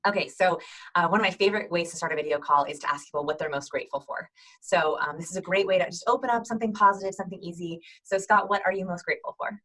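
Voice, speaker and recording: Bright, fast-talking woman teaching. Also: fairly low pitch, low-quality recording. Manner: energetic, demonstrates voices and greetings. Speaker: host giving video call tips. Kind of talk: upbeat instructional video.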